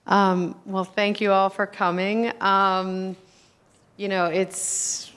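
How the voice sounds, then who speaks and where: A woman filmmaker giving an award acceptance speech and taking audience questions, halting and full of fillers. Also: medium pitch, flat delivery, a bit bright. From United States. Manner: halting, with many fillers and restarts.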